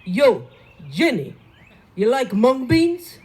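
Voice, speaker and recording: A loud, brash man with a New York accent hollers friendly greetings, pitched up and pushed hard, as a woman puts him on. He sounds bold and generous. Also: sing-song, takes it slowly, a little hiss or hum. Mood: hearty. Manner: loud, hearty street greetings.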